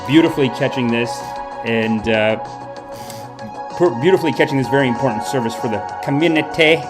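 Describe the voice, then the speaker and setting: Male comedy streamer, mid-pitched, rambling mock-sermon delivery, soft music bed. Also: brisk. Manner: rambling, mock-preachy, self-correcting. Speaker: comedy livestream host. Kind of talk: mock-guru livestream banter. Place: home streaming setup.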